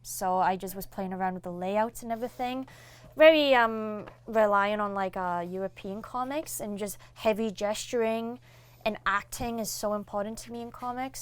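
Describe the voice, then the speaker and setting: A smooth, medium-pitched voice belongs to a young woman who draws comics. In a casual interview, she guests as an animated storyteller, voicing the people in her stories and acting out their quoted dialogue.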